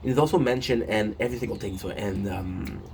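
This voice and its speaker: A man's voice: on the low side, brisk, gravelly, noisy background. A man casually recapping a show episode on his phone, rambling with many fillers and restarts and swearing often.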